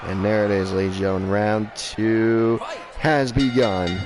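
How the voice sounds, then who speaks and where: A man working as ring announcer and commentator, stretching out fighter introductions, then calling the action in a chatty, fast-talking way. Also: lowish voice, steady tone, music in the background.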